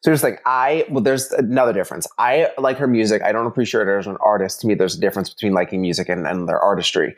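A man co-hosting a casual gossip chat, rambling and animated as he vents his opinions. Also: fast talker, hardly any pauses. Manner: rambling, animated, jumps between pitches. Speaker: podcast co-host.

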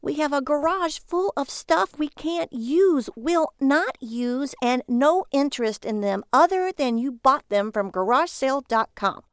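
A woman voicing an exasperated, sharp-tongued wife who scolds with sarcasm. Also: high-pitched, animated, unhurried, few pauses, dry recording, clean studio sound, voice pushed up. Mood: scolding.

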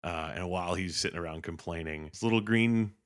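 With a deep voice and a brisk delivery, a podcast host animatedly recaps a film, swearing, laughing and slipping in voices as he tells the story.

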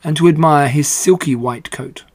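A man reading a children's book aloud in a steady, unhurried way. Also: fairly high pitch, no room sound. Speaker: reader.

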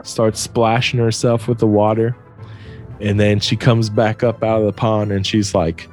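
A man's voice: lowish voice, little pitch movement, unhurried, darkish tone, faint music behind. Young man telling a story, loose and profane. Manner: loose, profane, laughing often. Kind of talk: casual storytelling.

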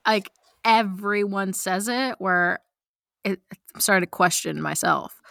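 A woman with a light Mexican Spanish accent, a podcast guest in casual chat, animated and quick to laugh and swear. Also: medium pitch, gravelly, dry recording, clean studio sound.

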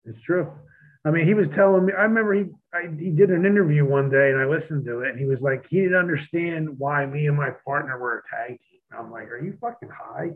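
A man calls in over a thin, tinny phone line. He speaks a bit high for a man and tells rough stories with heavy cursing. He acts out his old arguments in quotes. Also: fast. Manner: profane, animated storytelling, acts out his own past lines. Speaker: guest, former pro wrestler. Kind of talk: casual podcast chat.

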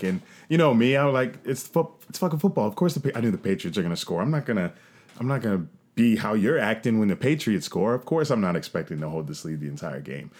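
A man telling a story in casual, profane chat, animated and laughing often. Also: on the low side.

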